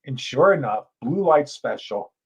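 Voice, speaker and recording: A middle-aged man telling a lively story as a guest on a podcast, acting out voices and shouting now and then. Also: mid-range voice, unhurried, breathy edge. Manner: animated yarn-spinner, acts out Southern voices with shouts. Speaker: author and guest.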